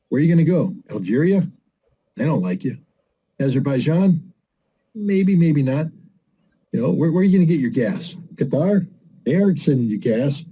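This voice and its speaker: A man's voice: on the high side, sing-song, moderate pace, pauses often, mellow, breathy edge, highs cut off. A middle-aged man giving blunt, impassioned political commentary, full of rhetorical questions and mocking quotes. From United States.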